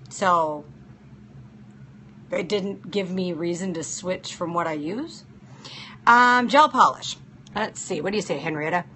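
A woman's voice: mid-range voice, bright, forceful tone, slight background noise. A woman hosting a casual live-stream chat as a nail technician, practical and chatty, answering viewers by name. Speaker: nail technician and show host.

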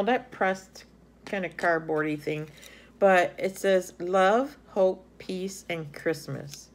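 A middle-aged woman chatting casually in a haul video, gushing over items with lots of ums. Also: on the low side. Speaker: haul vlogger. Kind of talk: casual show-and-tell chat.

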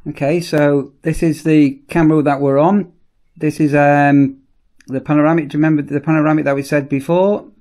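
A man giving a casual, chatty product demonstration in a workshop, often repeating "as I say" and pausing on ums. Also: fairly high pitch, little pitch movement, darkish tone. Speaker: product reviewer.

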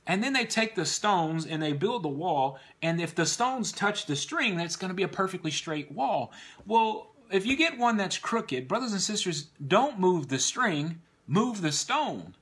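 Guy preaching a sermon to a church crowd, kinda high voice, swings up and down a lot. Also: pushed and bright, breathy edge. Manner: earnest exhortation addressed to the congregation.

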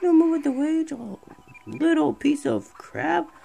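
A streamer giving casual let's-play commentary, excitable and rambling, talking back to the game. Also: sits high, a little slow, vocal fry. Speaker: gameplay streamer.

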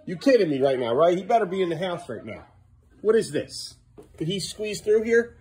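A man's voice: high voice, big pitch swings, moderate pace, a little mellow. A man filming his kids at home for a vlog, laughing at them and scolding them in turn. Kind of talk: casual home vlog narration.

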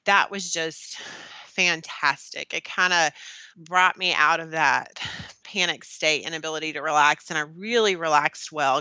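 Bright, crisp young woman recounting her birth. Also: low voice, no echo. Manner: earnest, frequent "like" and "kinda", restarts mid-sentence. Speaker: podcast guest telling her birth story. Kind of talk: casual personal storytelling.

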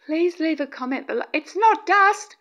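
A woman filming a paranormal vlog, breathless with excitement, calling out to spirits and pleading softly with them to appear. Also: very high-pitched, moderate pace. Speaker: paranormal video maker.

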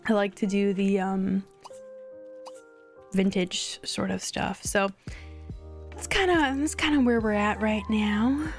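Chatty young woman streaming a game. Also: mid-range voice. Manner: chatty, rambling, easily excited. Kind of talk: casual gameplay commentary.

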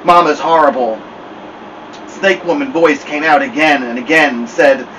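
A man reading a children's novel aloud with expressive storytelling. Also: a little high, moderate pace, recorded from a distance, a little hiss or hum, low-quality recording. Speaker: storybook reader.

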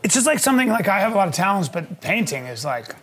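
A middle-aged man trading jokes in casual banter, bragging in a deadpan, mock-boastful way. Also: high-pitched, quick pace, husky. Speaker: comedian co-host.

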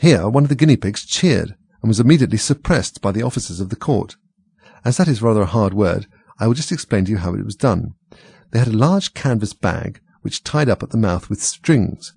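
A man reading a storybook aloud in a steady, plain way. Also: fairly low pitch, a little fast, vocal fry, slightly rough, dry recording. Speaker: audiobook reader.

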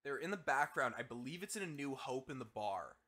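Bright, animated podcast co-host. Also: mid-range voice, brisk. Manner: animated, laughs often. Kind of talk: casual podcast chat.

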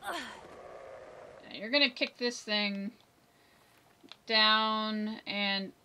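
A woman's voice: mid-range voice, very slow, pushed and bright, a little hiss or hum. A woman giving chatty, giggly let's-play commentary, talking back to the game characters. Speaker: gameplay commentator.

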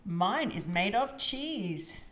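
A woman's voice: medium pitch, very animated, very slow, a bit bright, full character voice. A woman reading aloud, voicing a chatty little girl mouse.

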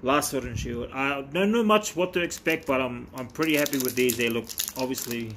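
A man talking casually as a vlogger while opening trading cards, excitable and chatty with quick bursts of delight. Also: medium pitch, noisy background. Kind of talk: casual chat.

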